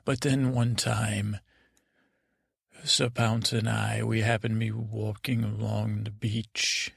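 Gravelly man rambling a bedtime story. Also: lowish voice, little pitch movement, takes it slowly, fairly bright tone, no echo, clean studio sound. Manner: rambling, meandering. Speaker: storyteller host. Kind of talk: improvised bedtime story narration.

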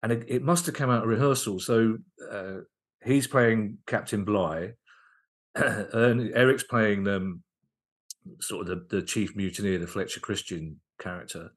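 A man with a fairly low voice tells comedy anecdotes as a podcast guest. He sounds enthusiastic and animated, tripping over his words and restarting sentences as he goes. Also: a little slow. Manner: lively, enthusiastic retelling with frequent restarts. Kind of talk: anecdotal storytelling in casual podcast chat.

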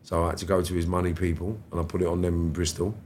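A middle-aged man, telling animated stories as a podcast guest and swearing freely. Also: low-pitched, rapid-fire, a little hiss or hum. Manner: animated, swears freely, acts out quoted dialogue. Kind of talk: storytelling interview chat.

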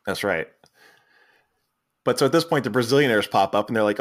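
A fairly low-voiced man with a Philadelphia accent talks fast but leaves long pauses. Co-hosting a casual movie podcast, he rambles through the plot recap, laughing and frequently restarting.

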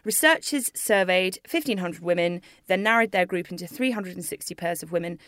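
A woman's voice: fairly low pitch, brisk, fairly bright tone, no echo, clean studio sound. A woman co-hosting a chat podcast, chatty and opinionated, swearing casually and laughing at her own jokes. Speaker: podcast co-host.

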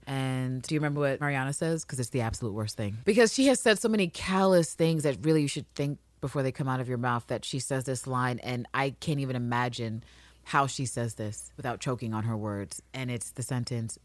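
A woman co-hosting a podcast in a casual recap chat, animated and profane, acting out characters' lines. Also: rumbling low, a little fast, no echo. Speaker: podcast co-host.

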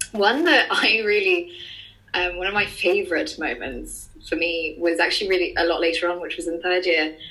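Young Irish woman, bright and lowish voice, easy chat with laughs and fillers. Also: normal speed, low-quality recording. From Ireland. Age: young adult. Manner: chatty, laughing, lots of fillers. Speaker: drama student guest. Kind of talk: casual chat.

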